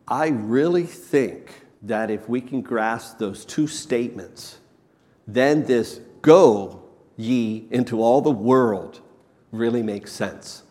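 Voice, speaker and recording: A male preacher delivers a sermon at an unhurried, deliberate pace, leaning hard on repeated words. His voice sits in the middle range. The sound trails off into a long hall reverb. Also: medium pitch. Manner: slow, emphatic, repeats key words.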